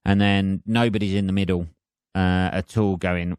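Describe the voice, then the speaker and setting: Guy doing a solo podcast rant, swears loads, low smooth voice, pokes fun at himself. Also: fairly even intonation, moderate pace, darkish tone, no echo, studio quality. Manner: sweary, rambling, self-mocking. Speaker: podcast host. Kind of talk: solo rambling podcast monologue.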